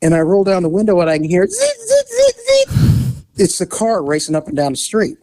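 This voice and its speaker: A man's voice: fairly high pitch, fast, warm tone, no echo. A man who was a police officer, casually telling a story and acting out voices and sound effects.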